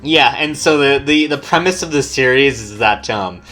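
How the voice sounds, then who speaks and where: A man's voice: mid-range voice, moderate pace, pushed and bright, soft background music. A man co-hosting a podcast, casually recapping a tabletop game session as game master and swearing easily. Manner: laid-back, swears casually, laughs often.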